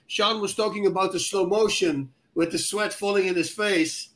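Male co-host, high bright voice, animated storyteller. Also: normal speed. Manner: excitable, acts out sounds and shouts in his story.

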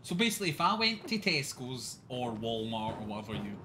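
A man's voice: mid-range voice, sing-song, brisk, pushed and bright, a little hiss or hum. A Scottish man streaming a game in casual chat, ranting in an exasperated way and swearing a lot.

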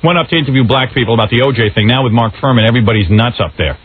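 A man's voice: medium pitch, racing, husky. A man hosting a talk radio show in the studio, wisecracking and complaining at length in loose banter. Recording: narrow phone-like radio audio.

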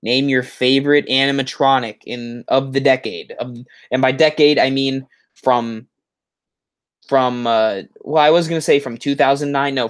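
A man's voice: mid-range voice, a bit bright. A man hosting a livestream on a headset, chatting casually and reading out viewer comments in a rambling way. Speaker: YouTube livestream host.

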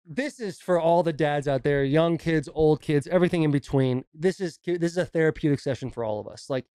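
A man co-hosting a podcast, telling animated stories in casual chat and mimicking his kids' voices. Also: fairly high pitch, brisk, clean tone, no room sound. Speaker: podcast co-host.

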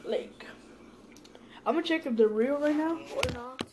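Woman, casual vlog, excitable, swears a lot, high voice, faint background hiss. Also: fast. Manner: excitable, swears often, talks straight to viewers. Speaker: vlogger. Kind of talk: casual mail-opening vlog.

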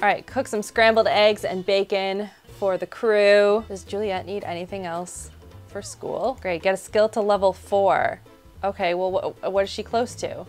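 A young woman hosting a let's-play, chatting in a bubbly way and talking to her game characters. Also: mid-range voice. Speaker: gaming channel host.

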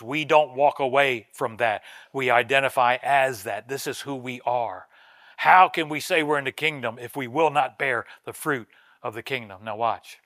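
A man preaching a sermon as pastor, telling a story with swings from soft asides to loud emphatic lines. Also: medium pitch, moderate pace, no room sound, studio quality. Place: church sanctuary.

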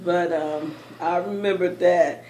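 A woman recounting childhood memories in a lively storytelling manner, often laughing as she remembers. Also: fairly low pitch, slow pace, reverberant. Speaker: interviewee recalling childhood. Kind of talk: oral history storytelling.

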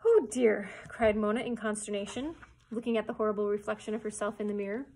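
Woman librarian, mid-pitched, expressive chapter-book read-aloud for kids. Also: fast talker, poor audio. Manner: steady expressive storytelling. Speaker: children's librarian.

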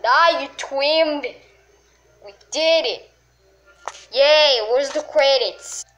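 A woman commenting on a game she is playing, excitable and full of yelps and exclamations. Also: high-pitched, drawn-out words. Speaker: gamer. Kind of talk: let's play commentary.

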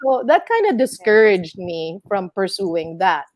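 Animated Filipino woman telling stories. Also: mid-range voice, measured pace, no room sound, poor audio. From Philippines. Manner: animated storytelling, switching between English and Filipino. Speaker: podcast guest, actress and comedian. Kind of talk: casual interview chat.

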